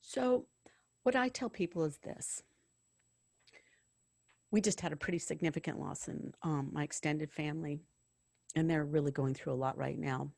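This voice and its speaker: A woman's voice: low voice, normal speed, vocal fry, long pauses, a little mellow, no room sound, studio quality. A woman guest, a former hospice worker, speaking earnestly in a conversational interview and acting out the people in her stories. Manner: earnest, storytelling, acts out quoted dialogue.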